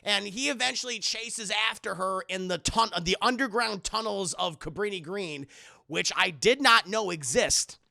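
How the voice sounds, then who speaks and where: Casting: male streamer, high, very gravelly, profane film recap. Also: moderate pace. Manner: profane, animated, joking.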